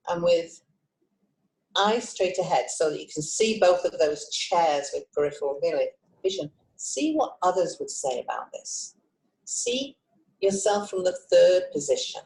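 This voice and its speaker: A woman hypnotist and trainer teaching self-help techniques on a video call, expressive and encouraging. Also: fairly low pitch, poor audio. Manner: lively, expressive, encouraging, with frequent asides. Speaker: hypnotist and emotional intelligence trainer.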